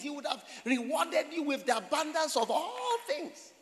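A man's voice: extremely high pitch, lively intonation, moderate pace, hardly any pauses, bright, forceful tone, in a large hall. A man preaching a sermon in a church, talking in a conversational way, repeating phrases and asking the congregation questions. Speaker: pastor.

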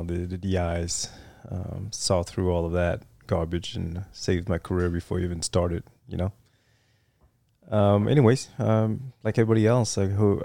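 A middle-aged man with a Vietnamese accent, a retired Marine fighter weapons officer, tells stories as a guest in a casual interview. He's relaxed and rambling, leaning heavily on "you know," and his very low voice has a gravelly fry. The recording is dry and close, with no echo.

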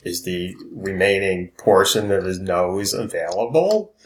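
A man's voice: low voice, lively intonation, a little slow. A man playing in a tabletop game, speaking in a formal, hesitant manner. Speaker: player. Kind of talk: in-character tabletop play. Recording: echoey room.

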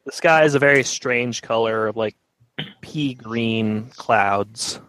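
A man running a tabletop game as game master, giving rulings and narration in a relaxed, matter-of-fact way. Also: medium pitch, takes it slowly.

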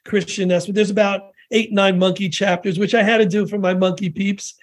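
A man in his sixties, a podcast guest, telling rambling, animated anecdotes with restarts and quoted voices. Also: sits high, brisk. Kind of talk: casual storytelling interview.

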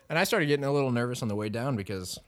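A young man guest on a podcast, chatting in a laid-back way, often laughing and trailing off quietly. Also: medium pitch, expressive, fast talker, noisy background. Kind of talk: casual chat.

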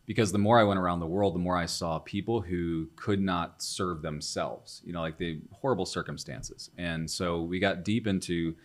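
Low-voiced guy on a podcast, animated storyteller, does the other people's lines. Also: normal speed, hardly any pauses. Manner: animated storyteller, acts out quoted dialogue. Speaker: guest, business owner and ministry leader.

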